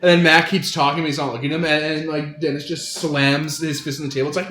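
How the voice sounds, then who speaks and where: A man, the game master, chatting casually at the table and recounting a story in an animated way, swearing freely. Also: on the high side, fast talker. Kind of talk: casual table chat between game sessions. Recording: echoey room, faint ambient hiss.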